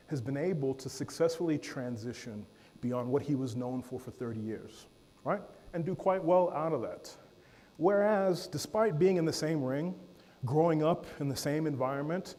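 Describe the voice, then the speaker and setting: A man giving a lively keynote at a conference, joking with and calling on the audience in a large hall. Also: on the high side. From Africa. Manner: energetic, playful, calls on the audience and jokes. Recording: long hall reverb.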